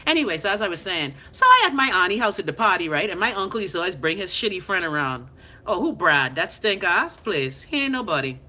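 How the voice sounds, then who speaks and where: A woman's voice: lowish voice, quick pace. Brash Bahamian woman ranting. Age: 30s. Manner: blunt, profane, animated, talks back to commenters. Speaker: live-stream host reading comments. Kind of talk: unfiltered casual rant.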